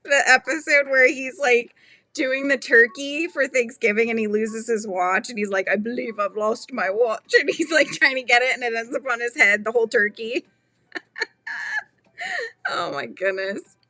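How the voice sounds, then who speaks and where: A woman with a fairly high voice and a sharp tone talks at a moderate pace, with no echo in the recording. She's chatting with viewers during a laid-back crochet stream, giggling as she reads out their comments.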